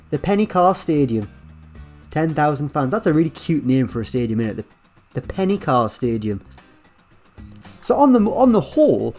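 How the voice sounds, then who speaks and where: A man giving casual, chatty commentary over a management game, with wry asides and lively swings in delivery. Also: on the high side. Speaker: gaming YouTuber.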